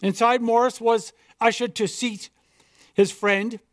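A man reading a story aloud in a measured, earnest way. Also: very high-pitched, steady tone. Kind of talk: read-aloud story narration.

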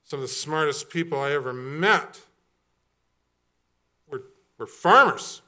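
A middle-aged man preaching a sermon as pastor, animated and joking, with quick storytelling asides. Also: a little high.

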